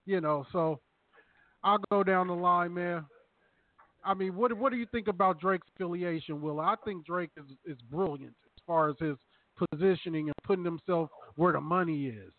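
Male sports-chat host, high voice, casual, dry, thin telephone-quality audio. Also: moderate pace, dry recording. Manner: relaxed, hands the talk around the panel. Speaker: podcast host. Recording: tinny phone-like sound.

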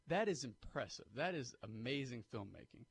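A man, co-hosting sports talk radio on a studio mic, animated and pushing emphatic hot takes. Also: medium pitch, normal speed, creaky, slightly rough. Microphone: studio microphone.

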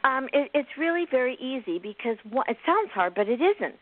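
A woman's voice: high-pitched, very animated, brisk. A woman healer being interviewed, telling stories with laughs and acting out the people she quotes. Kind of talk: animated storytelling interview. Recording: phone-like narrow sound.

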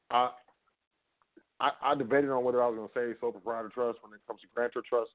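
A man giving a rambling, casual lecture, often asking and answering his own questions and talking straight to the listener. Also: mid-range voice. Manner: rambling, rhetorical, talks to the listener directly. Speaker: trust law educator. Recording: phone-like narrow audio.

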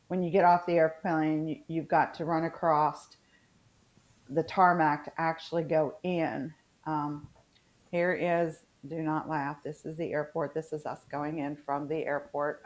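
A woman with a Southern Appalachian accent talks in a loose, rambling way, full of fillers. Her voice sits a little low. The video call audio is dull and lo-fi. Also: flat delivery, unhurried. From West Virginia. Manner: rambling, chatty, many fillers. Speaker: podcast co-host. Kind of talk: casual chat.

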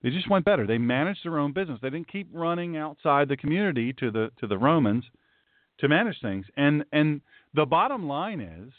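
On his livestream, a pastor with a fairly high, sing-song voice teaches the Bible briskly, folksy and emphatic as he addresses his viewers directly. The audio is tinny and phone-like, dry with no echo.

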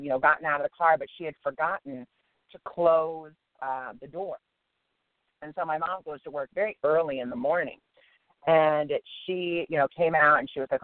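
A man's voice: fairly high pitch, dry recording. A man speaking as a guest on a spiritual radio show, earnest and emphatic, repeating phrases for stress, heard over a phone line.

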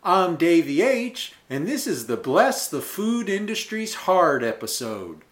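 A man's voice: high voice, big pitch swings, a little slow, pitched above the performer's own voice. A man putting on an exaggerated, folksy fake Southern accent as a hammy podcast host persona. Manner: exaggerated folksy drawl with hollers. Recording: roomy echo.

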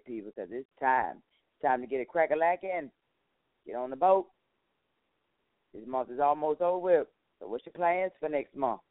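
A man talking on his own show in a loose, folksy way, sprinkling in "honey" as he goes and sounding a bit tired. His voice comes through a thin, phone-like line with a dry, close sound. His pitch sits in an ordinary middle range. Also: dry recording. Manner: chatty, folksy, calls listeners honey. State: a little tired. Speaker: show host. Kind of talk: casual solo talk show monologue.

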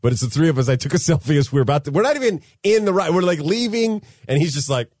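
A man's voice: a little high, big pitch swings, quick pace, darkish tone, no room sound, studio quality. A man co-hosting a podcast, telling a story in casual chat, laughing mid-sentence and acting out what people said. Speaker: podcast co-host.

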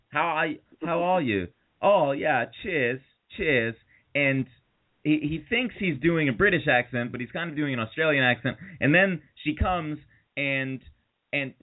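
A man telling a long story in casual chat, rambling with fillers and restarts and mocking the people in it. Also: medium pitch. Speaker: podcast co-host. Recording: tinny phone-like audio.

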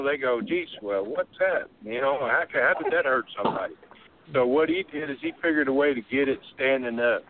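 A man's voice: medium pitch, noisy background. A man, a former wrestler telling folksy stories in casual chat. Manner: drawling, folksy, laughs while telling stories. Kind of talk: casual storytelling. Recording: tinny phone-like line, dry.

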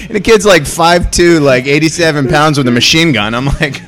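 A man's voice: a little high, moderate pace, a bit bright. A man guesting on a podcast in a bar, telling stories in a laid-back, profane way. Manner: laid-back storyteller, swears freely. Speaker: guest, travel expert. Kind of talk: casual chat. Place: bar, next to restroom.

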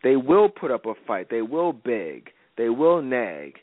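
A man hosting a faith-based advice talk show, preaching in a loose and slangy way. His voice sits in an ordinary middle pitch. It comes through dry and tinny, like a phone line. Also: very animated, measured pace, dry recording. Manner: casual slangy preaching, repeats "you know what I'm saying". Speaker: radio show host.

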